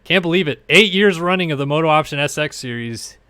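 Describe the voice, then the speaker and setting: A man hosting and calling an online motocross race stream, jokey and casual, getting excited at the start. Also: on the high side, fast, clean tone, no room sound. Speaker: race commentator and stream host. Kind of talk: casual play-by-play commentary.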